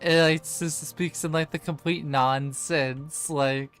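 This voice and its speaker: A man's voice: on the high side, fairly even intonation, slow pace, a bit bright, soft background music. A man in casual gaming chat, rambling and laughing, with many fillers as he plays. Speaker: game streamer.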